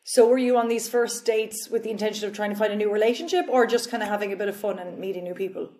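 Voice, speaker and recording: A woman's voice: medium pitch, steady tone, fast, mellow. A woman hosting a podcast interview, asking questions and reacting with short exclamations and quips. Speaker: podcast host. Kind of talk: casual interview chat.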